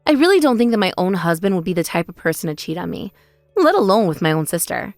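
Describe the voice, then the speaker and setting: A woman voicing a wronged older sister who answers in a measured, pointed way in a text-message story drama. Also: lowish voice, very animated, no room sound, clean studio sound, faint music behind. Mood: disbelieving. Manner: measured, pointed, quietly sarcastic.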